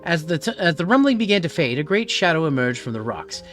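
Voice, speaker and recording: A man's voice: a little high, fast talker, faint music behind. A man streaming a story game, narrating its events expressively in the first person. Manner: expressive, theatrical, animated.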